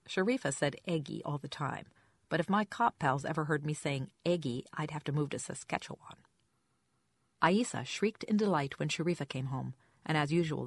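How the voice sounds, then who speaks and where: A woman's voice: low voice, no room sound. A woman reading a first-person story aloud as an audiobook narrator, in a wry, reflective manner.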